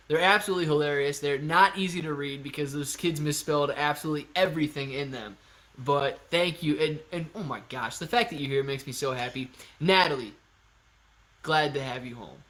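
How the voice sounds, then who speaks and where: A man hosting a live stream, chatting casually and excitably with his viewers and thinking out loud. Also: a little high. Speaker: livestream host answering chat.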